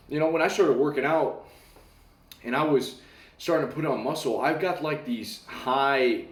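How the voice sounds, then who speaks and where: Animated young man telling a story. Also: mid-range voice. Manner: animated, acts out voices and laughs, swears casually. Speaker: self-help talker. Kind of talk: casual storytelling monologue. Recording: echoey room.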